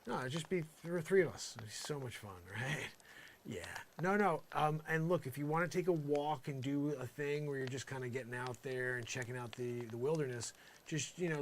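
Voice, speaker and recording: Set at an imagined outdoor campsite, this improvised comedy monologue features a man of medium pitch, with a little hiss or hum in the recording. His rambling is exasperated and sarcastic, packed with fillers.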